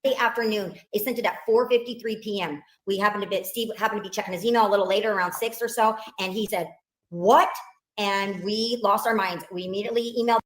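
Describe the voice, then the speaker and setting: A woman's voice: mid-range voice, fairly even intonation, fast, hardly any pauses. Grieving mother, earnest and upset, echoey interview audio. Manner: earnest, upset, retelling in detail. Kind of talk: emotional interview recounting events. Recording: roomy played-back interview clip.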